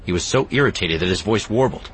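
A man narrating an audiobook in an expressive, even storytelling manner. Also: deep voice, fast, breathy edge. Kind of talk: scripted narration.

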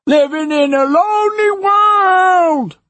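A man voicing rowdy elderly men who shout and bicker in high, strained voices in an audiobook. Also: takes it slowly, no room sound, full character voice. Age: older. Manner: shouting, high-pitched and cranky. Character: bunch of rowdy old men shouting song requests.

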